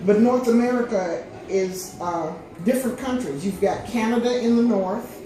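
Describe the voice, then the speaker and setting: A woman's voice: mid-range voice, moderate pace. An older woman, a retired teacher, patiently explaining geography to a class. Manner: patient, instructive. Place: school classroom. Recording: echoey room, far from mic, noisy.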